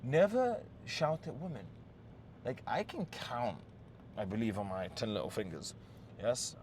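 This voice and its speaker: A man's voice: mid-range voice, expressive, measured pace, darkish tone, slight background noise. A man giving relationship advice in an unscripted monologue, blunt and full of swearing, often checking in with a "yes?" and restarting his sentences. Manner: restarts and repeated words.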